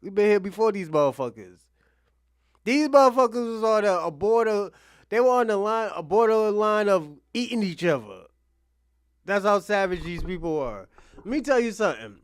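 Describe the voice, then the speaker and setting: High-voiced man laughing through commentary. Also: moderate pace. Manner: laughing often, profane, animated. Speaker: host. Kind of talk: casual commentary on clips.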